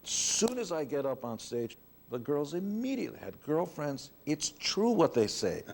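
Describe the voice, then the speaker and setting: A man's voice: fairly high pitch, sing-song, normal speed, creaky, darkish tone, slight background noise. A middle-aged man from New York, an interview guest telling candid stories in a blunt, wry way. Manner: blunt, wry anecdotes with playful put-on voices.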